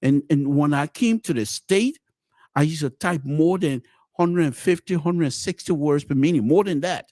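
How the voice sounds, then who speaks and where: A middle-aged man, hosting a podcast and telling a personal story with many restarts, swinging between loud exclamations and low murmurs. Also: moderate pace, dry recording, clean studio sound. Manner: frequent restarts and repeated words. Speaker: podcast host. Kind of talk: storytelling commentary.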